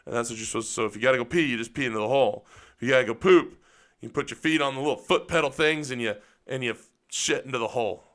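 A man's voice: mid-range voice, quick pace, fairly bright tone. A man co-hosting a casual chat, telling a story with lots of swearing and laughter. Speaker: co-host.

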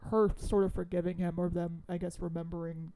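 Gravelly woman chatting about a movie. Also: lowish voice, brisk. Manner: animated retelling with quoted voices and laughter. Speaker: podcast co-host. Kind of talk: casual chat recapping a movie.

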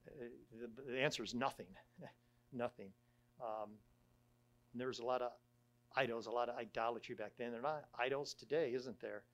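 A middle-aged man, a church elder, giving a conversational sermon in a halting way, with frequent restarts and fillers. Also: mid-range voice, fairly even intonation.

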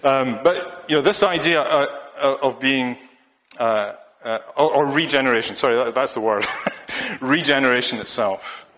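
A man's voice: medium pitch, moderate pace, pushed and bright, in a large hall. A man preaching a sermon, rambling and restarting his sentences often. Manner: rambling, with many restarts and fillers.

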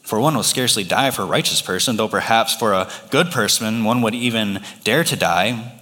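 Man, pastor, sermon, lively storytelling, voices quoted characters, big hall echo. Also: on the low side, a little fast. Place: large church hall. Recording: long hall reverb.

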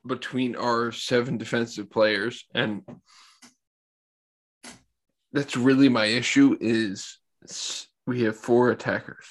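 A man's voice: mid-range voice, fairly even intonation, unhurried. Hiccuping man talking football bluntly. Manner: blunt, swears. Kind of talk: casual football chat.

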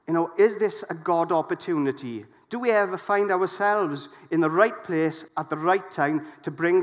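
Lively preacher, fairly high voice. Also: male voice. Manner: lively, jokey, asks the congregation questions. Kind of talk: sermon.

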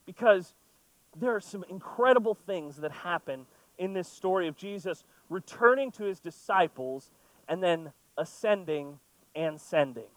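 A man with a high voice preaches to his congregation. He reads scripture, then talks through it loosely and playfully. His voice is recorded close and dry. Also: lively intonation, unhurried, no room sound, low-quality recording. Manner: conversational, playful asides. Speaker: pastor. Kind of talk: sermon with scripture reading.

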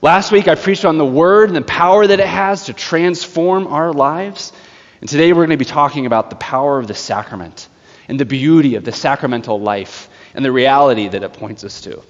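A male pastor preaching a sermon, telling a story in an animated way. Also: on the high side, a little fast. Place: church sanctuary. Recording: echoey church hall, slightly dull.

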